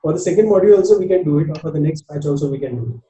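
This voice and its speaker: A man with an Indian English accent teaches a spoken English class online, talking in an earnest coaching manner and often repeating himself. His voice sits high, with a very dark, mellow tone. He sounds some way from the mic in an echoey room. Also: animated, rapid-fire, distant mic.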